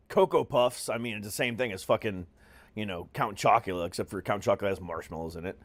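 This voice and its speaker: A man's voice: lowish voice, brisk, dry recording. A man hosting a podcast, swearing constantly and ranting with great energy in casual chat. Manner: profane, animated ranting. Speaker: podcast host.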